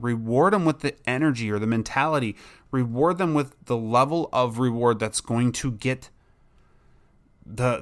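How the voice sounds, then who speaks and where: A man's voice: mid-range voice, a bit bright. Rambling enthusiastic man hosting a podcast. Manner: rambling, enthusiastic, frequent restarts. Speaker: dog trainer and podcast host. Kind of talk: casual solo podcast talk.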